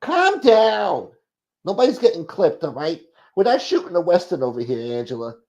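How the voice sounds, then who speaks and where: A man's voice: high voice, very animated, normal speed, a little mellow. A man voicing an exasperated, scolding middle-aged mob brother. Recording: muffled lo-fi audio.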